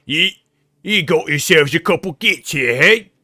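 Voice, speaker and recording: A man voicing a rowdy male ork with a put-on Cockney accent, loud and drawling. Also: a little high, animated, measured pace, no echo, clean studio sound, voice pushed up, full character voice.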